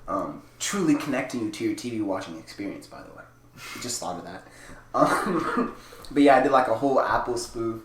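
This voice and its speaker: A young man co-hosting a casual podcast, telling stories in a rambling way, full of "like" and quick laughs. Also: mid-range voice, lively intonation, a bit bright, a little hiss or hum. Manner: rambling storytelling, heavy "like" filler, laughs often. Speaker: podcast co-host. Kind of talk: casual chat. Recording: echoey room with faint ambience.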